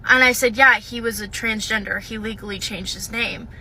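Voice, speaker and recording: Young woman, student, casual to-camera storytelling, piercing bright tone, slightly high voice, hesitant with lots of ums. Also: steady tone, normal speed, a little hiss or hum, rough recording. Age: young adult. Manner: hesitant, with frequent "um" and "like". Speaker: university student.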